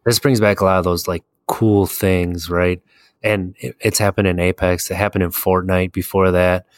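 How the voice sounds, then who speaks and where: Low-voiced man chatting casually. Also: moderate pace. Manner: relaxed storyteller who laughs at his own stories. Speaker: podcast co-host. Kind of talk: casual chat about video games.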